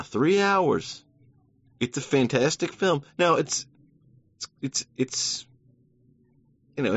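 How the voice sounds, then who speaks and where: A man's voice: medium pitch, slightly rough, no room sound. A man hosting a solo podcast, playful, laughing at his own jokes and talking straight to listeners. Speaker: podcast host. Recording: dull lo-fi.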